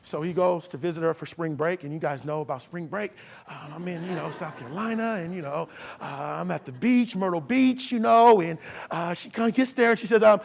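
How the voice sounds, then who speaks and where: Animated high-voiced keynote speaker. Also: male voice, brisk, creaky. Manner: animated preacher-like delivery, call and response. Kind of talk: motivational keynote speech.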